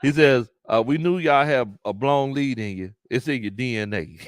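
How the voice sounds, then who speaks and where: A man's voice: mid-range voice, moderate pace, few pauses, clean tone, no room sound, studio quality. A man with a Southern US accent hosting a casual sports livestream, reading chat comments aloud, repeating himself and laughing often. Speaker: sports talk show host reading live chat.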